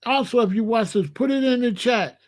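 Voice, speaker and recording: A commentary channel host with a very high voice speaks briskly on a live reaction stream, chatting casually with his chat, repeating himself, and throwing questions to viewers.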